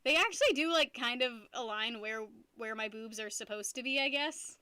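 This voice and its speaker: Bright, giggly young woman streamer. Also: a little high, animated, unhurried, clean tone, no room sound. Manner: playful, giggly, self-mocking. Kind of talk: casual live-stream chat.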